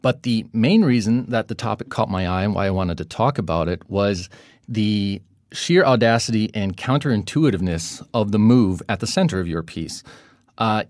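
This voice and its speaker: A man hosting a podcast, reading a lively intro and then chatting with many "uh"s and restarts. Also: on the low side, dry recording, clean studio sound. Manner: upbeat, with many fillers in unscripted talk. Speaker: podcast host. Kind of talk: podcast interview.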